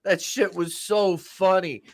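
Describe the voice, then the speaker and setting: Dude rambling happily about a film, lots of uh's, dry sound. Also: male voice, sits high, fairly even intonation, slow, no room sound. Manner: enthusiastic, rambling with fillers. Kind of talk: casual movie discussion.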